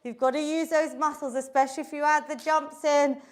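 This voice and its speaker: A woman's voice: sits high, fairly even intonation, brisk. A middle-aged woman leading a live online exercise class, encouraging and chatty as she coaches and counts reps. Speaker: fitness instructor.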